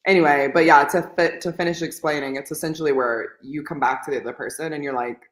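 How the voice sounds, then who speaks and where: A woman's voice: deep voice, steady tone, quick pace, few pauses. A woman co-hosting a casual reading livestream, chatty and rambling, often quoting people in put-on voices. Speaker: podcast co-host. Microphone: video call. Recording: echoey room on a laggy video call.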